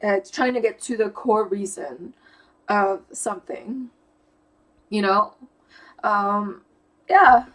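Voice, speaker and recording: A woman's voice: medium pitch, takes it slowly, long pauses, fairly bright tone, low-quality recording. A young woman talking casually to camera, thinking aloud and searching for words as she explains how her mind works. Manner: thoughtful, searching for words with fillers and restarts. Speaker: YouTuber explaining personality type.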